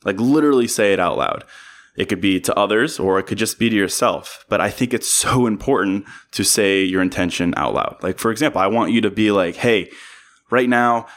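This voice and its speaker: A man's voice: lowish voice, animated, a little fast. A man hosting a podcast, giving an earnest motivational monologue and repeating his key phrases for emphasis. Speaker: podcast host.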